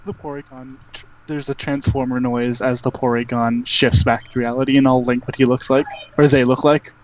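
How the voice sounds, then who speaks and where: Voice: medium pitch, level tone, moderate pace, darkish tone, a little hiss or hum. Game master for a tabletop game; rambling and hesitant delivery, dull lo-fi sound. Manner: rambling, hesitant, filler-heavy narration.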